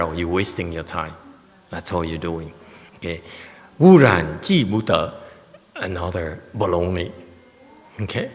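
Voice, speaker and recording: A man's voice: sits low, big-room sound. A man as a Buddhist master giving a dharma lecture on a sutra, blunt and teasing, often checking in with "okay?". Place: temple lecture hall.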